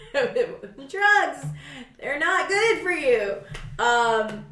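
A woman with a slightly high voice tells a story with casual profanity and plenty of energy. She acts out her own yelling as she goes. The room around her is echoey. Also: very animated, very slow. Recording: roomy echo.

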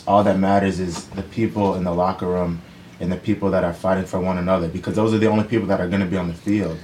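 A professional football player, speaking as a guest, gives casual interview answers in a very deep, fast voice. He's relaxed and rambling, circling back with "you know" and "like," restarting often as he thinks aloud. A faint hiss sits under the audio.

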